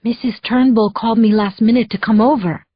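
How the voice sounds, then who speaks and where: Plainspoken accented housekeeper in an audiobook thriller, husky and dull-sounding, as a woman narrator puts her on. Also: fairly high pitch, steady tone, fairly quick, no echo. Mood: matter-of-fact. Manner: simple broken phrasing.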